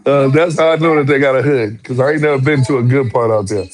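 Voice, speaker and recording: A man, a former truck driver telling a story in casual, profane, animated talk with heated outbursts. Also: medium pitch, fast talker. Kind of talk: casual storytelling on a live stream.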